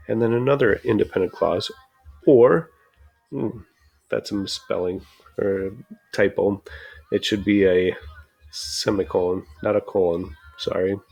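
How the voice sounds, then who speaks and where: Man, teacher, recorded grammar lesson, unhurried delivery, gravelly tone, patient explaining. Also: fairly low pitch, a little mellow. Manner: slow, patient explaining with frequent pauses.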